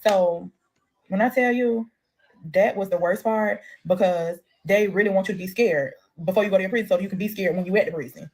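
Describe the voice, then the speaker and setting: A woman's voice: medium pitch, brisk, a little mellow. A woman telling a casual story in a candid, profane way, acting out the voices she quotes.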